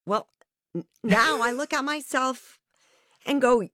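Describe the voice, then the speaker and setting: A woman's voice: high-pitched, slow, fairly bright tone, no room sound, studio quality. A woman being interviewed, speaking frankly and reflectively about her own life in a candid conversation. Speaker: interview guest.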